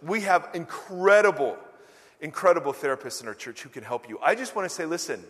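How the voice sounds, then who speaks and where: A man's voice: on the high side, brisk. A middle-aged male pastor preaching a sermon, telling self-deprecating stories and acting out quotes. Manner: animated, self-deprecating storytelling with acted quotes. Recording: long hall reverb.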